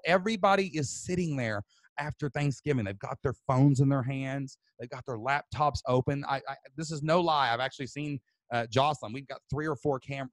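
A man, a podcast host telling a story loudly and excitably, then turning it into marketing advice. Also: mid-range voice, dry recording. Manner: loud, excitable, fast-moving. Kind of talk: animated storytelling.

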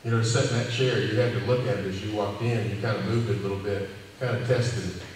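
A cowboy church preacher speaks fast in a lowish, steady voice during an informal sermon, folksy and laid-back, restating lines for emphasis. The sound is echoey and distant, recorded in a church hall with faint ambience and a little hiss or hum.

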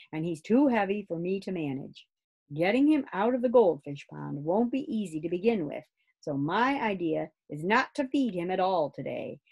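A woman voicing a calm, soft-spoken old grandfather. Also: fairly low pitch, slightly rough, lo-fi sound, full character voice.

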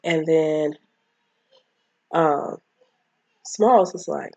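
A woman's voice: deep voice, slow, creaky, mellow, breathy edge, no echo, lo-fi sound. A woman casually retelling a childhood movie, chatting and acting out the characters' lines. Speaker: movie recapper.

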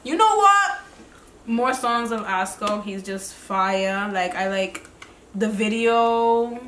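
A young woman hosting a casual reaction chat, relaxed and slangy with a drawl. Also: medium pitch, slow, echoey room, a little hiss or hum. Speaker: co-host.

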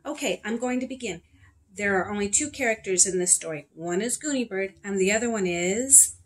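A woman's voice: mid-range voice, animated, a little fast, natural voice. A woman reading aloud as a confident, bossy schoolgirl who is telling a story to her class. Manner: bossy, matter-of-fact.

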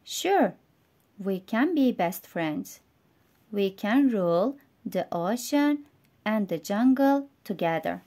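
A woman with a Turkish accent voicing a gentle male dolphin, king of the sea, read slowly like a storybook. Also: mid-range voice, expressive. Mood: friendly. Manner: slow, careful storybook reading.

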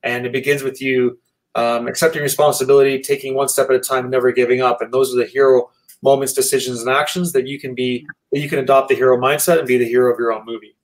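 A Canadian man, a guest motivational speaker, answering interview questions. He sounds earnest and measured, in keynote-like phrasing. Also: mid-range voice, flat delivery, rough recording.

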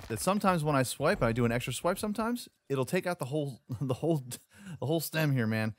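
A man's voice: on the high side, lively intonation, fast talker, slight background noise. A man giving casual, jokey commentary while playing a survival building game, often taunting the creatures he fights. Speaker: gaming YouTuber.

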